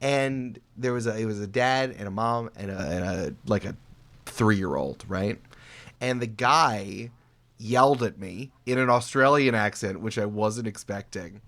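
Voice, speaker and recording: A man from New York State chatting casually as a podcast guest, telling animated stories with quoted outbursts. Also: fairly low pitch, measured pace.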